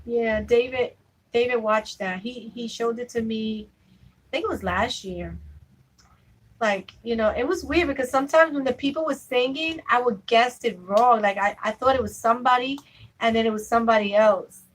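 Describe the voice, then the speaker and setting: Woman, young adult, live-stream vlogger, casual rambling chat, fillers, fairly high pitch. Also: moderate pace, poor audio. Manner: chatty, fillers like "you know what I'm saying". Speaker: vlogger chatting with live viewers.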